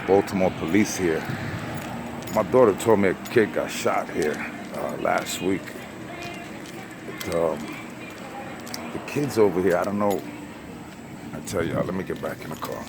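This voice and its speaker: A man's voice: sits low, a little slow, pauses often, background noise. A middle-aged man with a New York accent, telling a story in a casual vlog. He rambles with many fillers and gets emotional. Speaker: vlogger. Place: in and around his car at a gas station.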